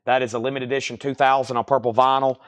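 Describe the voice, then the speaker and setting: A man's voice: medium pitch, quick pace. Southern man calling out record prices. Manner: rattles off titles and prices in a steady sales patter, folksy asides. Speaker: host selling records on a livestream. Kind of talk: live sales stream, casual chat.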